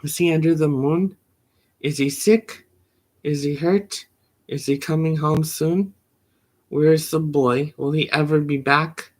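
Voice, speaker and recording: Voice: medium pitch, fairly even intonation, a little slow, close to an everyday voice. A poetry reader voicing a lonely house cat that waits anxiously for its boy, in a plaintive, questioning reading. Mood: worried.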